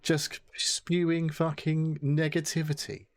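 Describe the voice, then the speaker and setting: A man chatting on a podcast, scornful and sweary in his quick interjections. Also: a little high, little pitch movement. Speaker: podcast guest. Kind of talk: casual chat.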